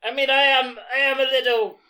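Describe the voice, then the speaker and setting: Man at a game table with a high, bright voice, hesitant and puzzled, in character. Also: level tone, brisk. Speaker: player.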